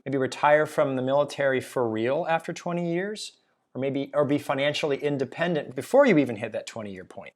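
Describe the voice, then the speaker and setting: Energetic man talking to camera. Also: mid-range voice. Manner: energetic, jokey, emphatic. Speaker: blogger and video host. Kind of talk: casual solo talk to camera.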